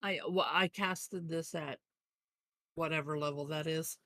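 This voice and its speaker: A woman playing a tabletop game in casual chat, giggly and unhurried. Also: deep voice, fairly even intonation, a bit bright, no room sound, studio quality.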